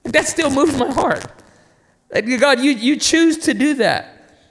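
Man, thirties, very high voice, passionate sermon, rhetorical questions. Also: slow, big-room sound. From North Carolina, USA. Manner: passionate, animated preaching with rhetorical questions to the crowd. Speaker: preacher.

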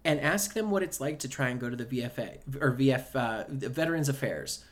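A man's voice: medium pitch, expressive, brisk. A man co-hosting a podcast in casual chat, blunt and swearing freely as he builds into rants. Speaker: podcast co-host.

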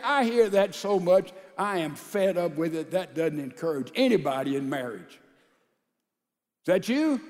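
A male pastor preaching a sermon to a large church congregation, calling out to the crowd and swinging between loud and soft. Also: high-pitched, animated, unhurried, pauses often, long reverb tail. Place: large church sanctuary with a balcony.

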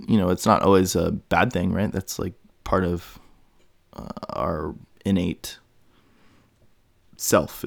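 A man's voice: deep voice, gravelly, no echo, clean studio sound. A man hosting a solo podcast, thinking aloud in a meandering way with many fillers and restarts. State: has the hiccups. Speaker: podcast host. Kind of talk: rambling solo podcast monologue.

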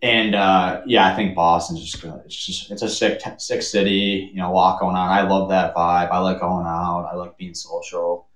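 A man's voice: low-pitched, moderate pace, hardly any pauses. Young man telling stories in a roomy space. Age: late 20s. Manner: animated storyteller, mimics others. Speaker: guest. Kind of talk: casual chat. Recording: roomy echo.

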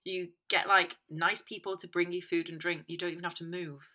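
A woman's voice: lowish voice, level tone, a little fast, sharp tone. A young woman co-hosting a podcast, wry and teasing, swearing casually. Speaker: podcast co-host. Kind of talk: casual chat.

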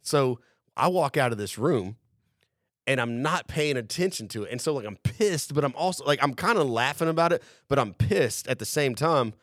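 A man's voice: mid-range voice, lively intonation, moderate pace, a bit bright, no room sound, studio quality. A young man telling a long, profane story in a rambling way among friends on a casual podcast. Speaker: podcast host.

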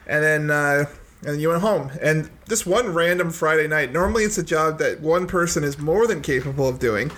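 A man's voice: a little high, normal speed, fairly bright tone, a little hiss or hum. Rambling, self-deprecating man telling stories. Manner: rambling storyteller, self-deprecating, laughs often. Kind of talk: casual chat.

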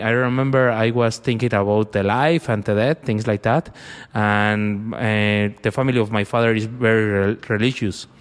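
Brief: young man, clear resonant voice, long reverb, halting storyteller. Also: fairly low pitch. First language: Spanish. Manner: halting, searching for words in a second language. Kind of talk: personal storytelling in conversation.

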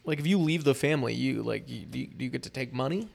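A man's voice: medium pitch, quick pace, vocal fry. A young man in casual podcast chat, joking around and slipping into silly impressions.

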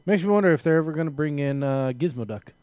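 Lively-voiced man in casual chat. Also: on the high side, fast talker, no room sound, dull audio.

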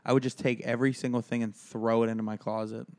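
A man co-hosting a casual podcast, ranting in a deadpan, profane, joking way. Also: mid-range voice, fast. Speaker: podcast co-host. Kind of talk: casual chat.

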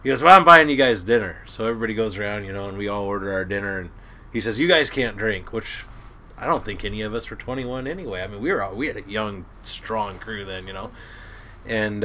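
Middle-aged guy telling fishing stories, gruff, punchy bright voice, lowish pitch. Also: a little hiss or hum. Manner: gruff, animated storyteller who laughs at his own tales. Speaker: crab boat captain, guest. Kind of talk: casual storytelling.

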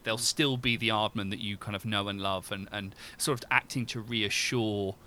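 Bright-voiced rambling male scholar. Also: on the low side, steady tone, moderate pace. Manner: rambling, many restarts and fillers. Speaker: guest film scholar. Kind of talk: academic discussion.

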